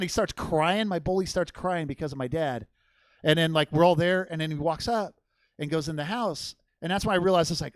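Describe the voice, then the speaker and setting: Young male stand-up, high-pitched, loud and rambling, swears a lot, dry close sound. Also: animated, brisk, no echo. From Portland, Oregon. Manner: loud, rambling and profane, laughing at his own jokes. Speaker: stand-up comedian. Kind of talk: stand-up crowd work and storytelling. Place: comedy theater stage.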